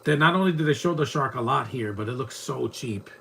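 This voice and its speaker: A man's voice: medium pitch, animated, a little fast, creaky, pushed and bright, slight background noise. A man giving casual live commentary on a movie, rambling and mocking what he sees on screen. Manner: rambling, chatty, mocking the film.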